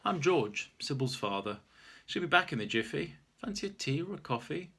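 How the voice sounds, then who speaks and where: A man voicing George, an elderly ex-army Scottish gent with a soft Scottish accent. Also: a little high, very animated, moderate pace, husky, voice pushed up, full character voice. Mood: friendly. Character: Scottish old man, ex-army, gruff and kindly.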